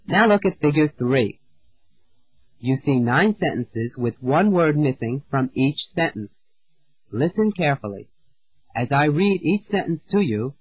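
Slow, clear man leading language drills. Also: medium pitch, no echo. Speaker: English teacher. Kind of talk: scripted language lesson narration. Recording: dull dry lo-fi audio.

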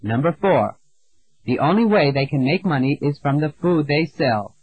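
A man with a slightly high, husky voice teaches an English lesson in a measured, deliberate way. He reads out words and sentences slowly and clearly for learners to repeat. The sound is dry and a little dull, like an old lo-fi lesson tape. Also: expressive, dry recording. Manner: slow, clear, deliberate drilling with pauses. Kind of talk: scripted language lesson narration.

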